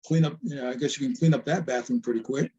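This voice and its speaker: A man's voice: mid-range voice, fast talker, warm tone, husky. A man in a coaching group, tentative, thinking aloud as he talks. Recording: dull lo-fi audio.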